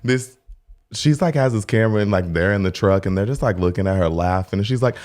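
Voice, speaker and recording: A deep-voiced young man co-hosts a casual podcast. He tells stories in a rambling way, with "like" in nearly every phrase, and he breaks into high mock voices when he quotes people. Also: fast talker, a little mellow. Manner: rambling retelling with many "like" fillers. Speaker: podcast co-host and hair stylist. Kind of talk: casual storytelling chat.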